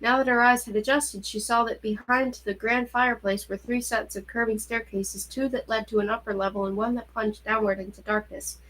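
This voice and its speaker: A woman reading a young-adult novel aloud with a steady, even narration. Her voice sits a little high for a woman, and she keeps an unhurried storytelling pace. The delivery is plain reading rather than performance. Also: poor audio. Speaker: reader. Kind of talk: audiobook-style novel reading.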